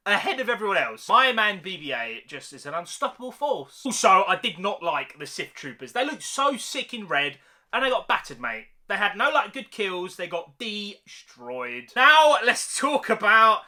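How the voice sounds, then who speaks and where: A young man giving a casual, excited film review, full of slang, who keeps tagging sentences with "mate" and "man.". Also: high-pitched, moderate pace.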